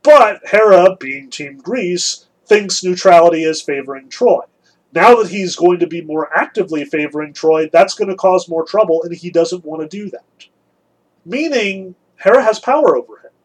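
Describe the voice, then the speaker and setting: A man's voice: sits high, lively intonation, normal speed, low-quality recording. A man giving a casual lecture on a classic text, conversational and emphatic, with wry asides.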